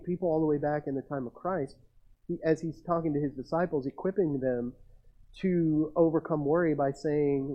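A man's voice: on the high side, highs cut off. A man preaching a sermon as pastor, talking casually with the congregation and reading scripture aloud.

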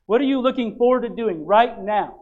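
Pastor, male, fervent sermon delivery with sudden drops to quiet asides. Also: extremely high pitch, brisk, narrow, tinny audio. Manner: exhorting, repetitive calls to get excited; dynamic, dropping to quiet asides.

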